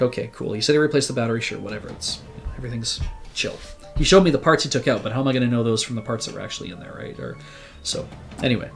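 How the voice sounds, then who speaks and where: A man, a regular on the show, telling a long rambling story in casual chat, swearing and acting out what he said at the time. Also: mid-range voice. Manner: rambling, animated, swears, acts out his own quotes. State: sick.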